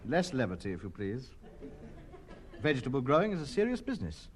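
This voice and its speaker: A pompous, fussy vegetable grower. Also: male voice, mid-range voice, wildly swooping pitch, a little fast, very noisy. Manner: self-important, indignant. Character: pompous fussy middle-aged man, proud amateur vegetable grower. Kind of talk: 1950s radio comedy acting.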